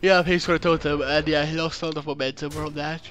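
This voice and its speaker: A man's voice: a little high, flat delivery, fast, a bit bright, slight background noise. A man narrating his own card game run as a let's play host, thinking aloud, correcting himself mid-sentence and picking apart his opponent's moves. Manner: critiques the opponent's plays. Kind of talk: gameplay commentary.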